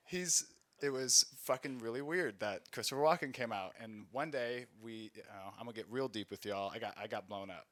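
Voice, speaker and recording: A man's voice: mid-range voice, a little fast, fairly bright tone. A man, an Army veteran, telling rambling, profane war stories in a casual comedy set and laughing at himself as he goes. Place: small recording studio space.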